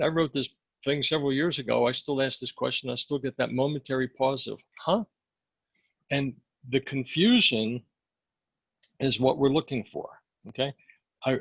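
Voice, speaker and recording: A man coaching salespeople in a training session, hoarse and losing his voice, often checking the group follows him. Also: mid-range voice, fairly bright tone, dry recording, highs cut off. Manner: coaching, asks the group questions. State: losing his voice, clearing throat.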